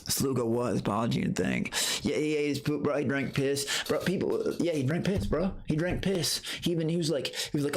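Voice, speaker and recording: A man streaming live, telling a story in a profane, animated rant, breaking into high outbursts and greeting viewers from chat. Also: normal speed. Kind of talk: casual livestream rant.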